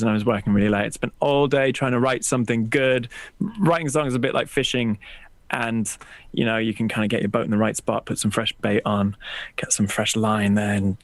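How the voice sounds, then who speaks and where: A man's voice: on the low side, no room sound. Man, casual interview guest, video call, home studio, self-deprecating, dry close sound. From England, raised partly in Texas. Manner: chatty and self-deprecating, with lots of restarts. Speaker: musician guest. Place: small purple-lit home studio room.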